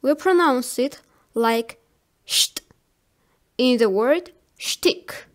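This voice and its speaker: Woman language teacher, high voice, slow and deliberate, repeats each example word. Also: animated. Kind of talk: slow spelled-out pronunciation lesson.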